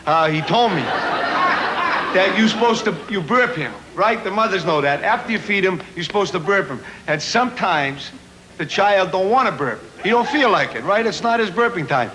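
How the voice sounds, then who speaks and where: A man's voice: sits high, animated, moderate pace. A middle-aged man doing a chatty, self-mocking stand-up comedy monologue built on punchlines. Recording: noisy old 1970s TV recording.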